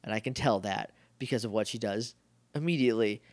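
A man's voice: lowish voice, fairly quick, darkish tone, no echo, clean studio sound. A man co-hosting a podcast, chatting casually with a rambling, jokey manner and lots of fillers. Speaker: podcast co-host. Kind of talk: casual chat.

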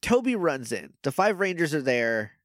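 Podcast co-host, young man, lively pitch, slightly high, dry close mic. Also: moderate pace, no room sound. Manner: animated, acts out quotes with laughter. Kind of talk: casual recap chat.

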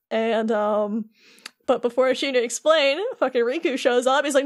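High-voiced woman animatedly recapping. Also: normal speed. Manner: animated retelling with quoted character voices. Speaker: podcast co-host. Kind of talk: casual chat recapping a game.

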